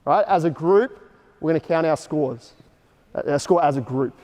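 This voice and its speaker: A man coaching a basketball clinic on an indoor court, explaining drills in short casual instructions and calling out quick cues. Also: fairly high pitch, a little mellow. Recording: echoey gym hall reverb.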